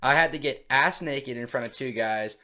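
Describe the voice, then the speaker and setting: A man's voice: mid-range voice, moderate pace, a loud crowd. A young man in casual chat, telling stories in a laid-back way.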